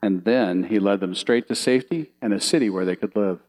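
Low-voiced man preaching a sermon. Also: a little fast, poor audio. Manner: animated storytelling, asks the audience questions. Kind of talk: sermon with slides.

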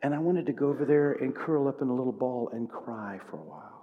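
A man's voice: medium pitch, fast talker, hardly any pauses, muffled recording. A married man preaching a sermon to his congregation, conversational at times and building to passionate exhortation. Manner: impassioned, building to loud exhortation; conversational, with repeated calls to the congregation. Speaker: pastor. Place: church sanctuary. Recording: long hall reverb.

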